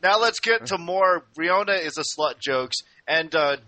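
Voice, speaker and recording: A man in a casual group chat, sarcastic and animated when telling stories. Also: on the high side, measured pace, no room sound, rough recording.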